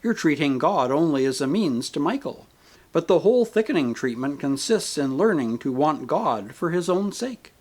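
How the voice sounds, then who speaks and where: A man voicing a gentle, patient male spirit who speaks calmly and kindly, reasoning with a grieving soul in an audiobook. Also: a little high, moderate pace. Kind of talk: audiobook character reading.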